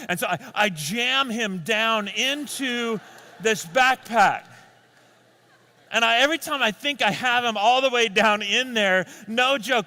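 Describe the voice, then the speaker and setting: A man doing stand-up, telling a comic story in an animated way with quick restarts. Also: high-pitched. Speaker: stand-up comedian.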